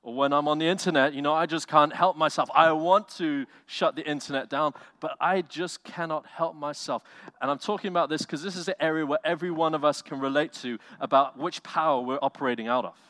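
A man preaching with big swings between booming peaks and hushed, low-pitched asides. His voice sits at an ordinary middle pitch. The sound is dry and close, with little room echo. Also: a little fast. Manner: animated preaching with acted-out quotes, loud swells and soft drops. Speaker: pastor. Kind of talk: sermon.

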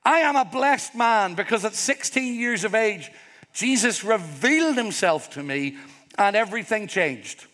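A man's voice: sits high, lively intonation, unhurried, bright, forceful tone. A Northern Irish man preaching a sermon as pastor, earnest and emphatic, building repeated phrases. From Northern Ireland. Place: church hall with congregation. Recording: long hall reverb.

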